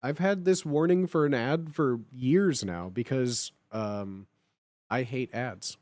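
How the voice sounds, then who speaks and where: A livestreamer in casual chat, reassuring and blunt, who keeps repeating a point to settle viewers. The voice sits at a middling pitch. It sounds dry and close to the mic. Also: sing-song, a little slow, a little mellow, no echo.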